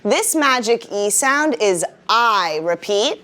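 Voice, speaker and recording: A woman's voice: on the high side, very noisy. A woman teaching a first-grade phonics lesson in a classroom, leading the class in call-and-response. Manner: animated, drawn-out teacher voice with call-and-response prompts.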